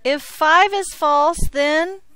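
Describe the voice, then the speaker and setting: A woman teaching algebra to a classroom, quick with a joke and always checking that the students follow along. Her voice sits high and bright in pitch. The sound is dry and close, with little room echo. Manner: playful, jokey, checks in with frequent "okay?". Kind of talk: classroom lecture.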